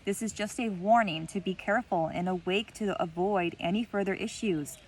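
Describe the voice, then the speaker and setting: A woman's voice: medium pitch, moderate pace, a little hiss or hum. A woman giving an intuitive message reading to her viewers, encouraging and heartfelt, often checking in with "okay?" and "you guys". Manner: emotional, heartfelt. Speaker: spiritual reader.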